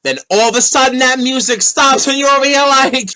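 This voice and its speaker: A man's voice: extremely high pitch, brisk, noisy background. A man hosting his own podcast, delivering an opinionated, sassy monologue with whooping exclamations. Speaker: podcast host.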